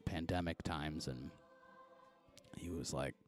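A man's voice: rumbling low, slow pace, faint music behind. A man hosting a podcast, chatting loosely and rambling with lots of fillers and restarts. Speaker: podcast host. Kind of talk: casual podcast chat.

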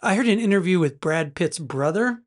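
A man's voice: sits high, animated, moderate pace. A man co-hosting a podcast, chatting casually with playful jokes and riffing asides. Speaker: podcast co-host. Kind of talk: casual conversational podcast chat.

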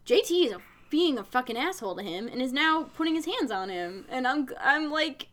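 Lively high-voiced woman chatting. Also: a little fast. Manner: animated, swearing, lots of "like". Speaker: podcast co-host. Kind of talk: casual chat recapping a TV episode.

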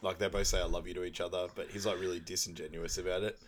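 A man with a lowish voice casually narrates a film's scenes, laid-back and amused. A faint hiss sits under the recording. He speaks in loose, offhand podcast chat. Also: level tone, rapid-fire. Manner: laid-back, chuckling, voices characters in quotes. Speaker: podcast co-host. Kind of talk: casual movie recap chat.

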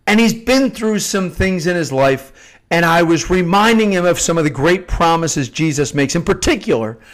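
A man's voice: high-pitched, lively intonation, moderate pace. A middle-aged man giving an earnest, unscripted devotional talk, often repeating and restarting phrases for emphasis. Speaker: Catholic novena host. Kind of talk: spontaneous devotional teaching.

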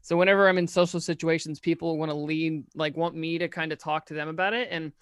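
Easygoing, fairly high-voiced podcast host man. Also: fairly even intonation, a bit bright, clean tone, no room sound, clean studio sound. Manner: easygoing, hedging, quick to laugh. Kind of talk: casual podcast chat.

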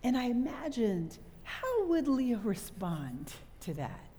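A middle-aged woman preaching a sermon to a live audience, telling a story with animated delivery and quizzing the listeners. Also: fairly high pitch, slow. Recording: long hall reverb.

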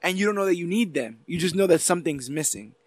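A man co-hosts a podcast in a dry, close-miked sound. His voice sits a bit high, and he explains things earnestly in long stretches, often stopping and restarting mid-sentence. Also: animated, fast, no room sound. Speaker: podcast co-host. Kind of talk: casual podcast chat.

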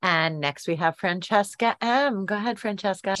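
A woman's voice: medium pitch, moderate pace, fairly bright tone, no echo, clean studio sound. Polite woman chairing a meeting. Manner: brief, polite. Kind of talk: calling on speakers. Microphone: video call.

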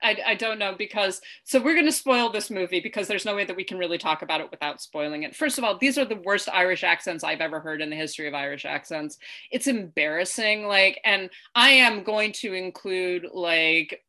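A woman co-hosting a casual chat about a film, animated, laughing often and acting out quotes. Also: on the low side, fairly quick. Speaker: podcast co-host.

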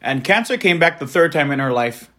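An evangelist from Hawaii shares his conversion testimony with a congregation, earnest and heartfelt. His voice sits a little above the typical male range, sing-song, a bit fast, pushed and bright.

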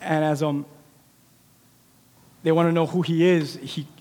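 A man preaching a sermon as pastor, swinging between loud cries and quiet asides, often dropping the word "man" into his talk. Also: on the high side, flat delivery, measured pace. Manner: repeats the filler word "man". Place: church sanctuary. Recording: long hall reverb with soft music.

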